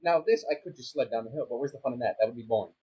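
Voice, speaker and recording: A man's voice: mid-range voice, rapid-fire, mellow, breathy edge, rough recording. A young man giving casual, self-mocking commentary on a sandbox building game, flustered and rambling as he fumbles along. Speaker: gaming YouTuber.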